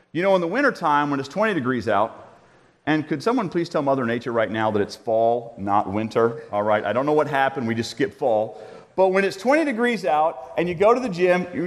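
A man preaches with a lively, swooping delivery and slips in humorous asides. His voice sits a little high for a man. It rings out with the long reverb of a large hall. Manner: animated, conversational storytelling with humorous asides. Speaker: pastor. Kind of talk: sermon with storytelling.

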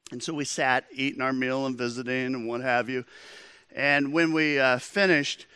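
A man's voice: mid-range voice, fairly even intonation, moderate pace, sharp tone, clear, resonant tone, dry recording, clean studio sound. A man preaching a sermon as pastor, in a conversational storytelling manner.

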